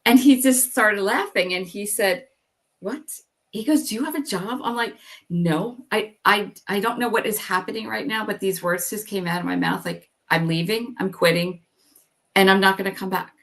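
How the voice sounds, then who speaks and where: A middle-aged woman telling her story as an interview guest, animated and acting out the dialogue she recalls. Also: medium pitch, normal speed. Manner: animated storytelling, acts out quoted dialogue, frequent "like".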